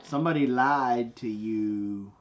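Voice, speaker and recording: A man's voice: medium pitch, slow pace, dull audio. A man hosting a casual home livestream, chatting and joking in a rambling way. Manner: rambling, joking, talks softly to the dog. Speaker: livestream host. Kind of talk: casual chat.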